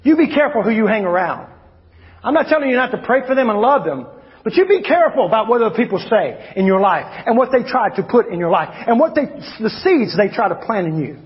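High-voiced preacher in a reverberant hall. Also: male voice, big pitch swings, quick pace. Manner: preaching with swings from loud emphatic shouts to low quiet asides. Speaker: pastor. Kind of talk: sermon. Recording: long hall reverb, dull lo-fi sound.

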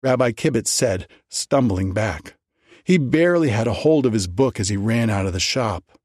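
A man narrating a storybook tale in an unhurried, expressive reading. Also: fairly low pitch, dry recording, clean studio sound.

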